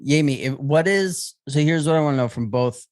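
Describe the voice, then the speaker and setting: A man's voice: fairly high pitch, a little fast. A man co-hosting a podcast, teasing the others and firing off casual questions. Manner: teasing, asks lots of questions. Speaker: podcast co-host. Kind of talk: casual chat.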